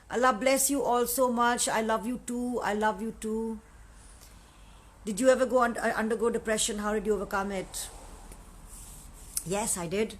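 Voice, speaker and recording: A woman from Pakistan with a fairly high voice talks casually into her phone on a live stream and slips Urdu words into her English. She speaks in a warm, chatty way. A faint hum of noise sits under the recording. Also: low-quality recording. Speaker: actress answering fan questions on a live stream.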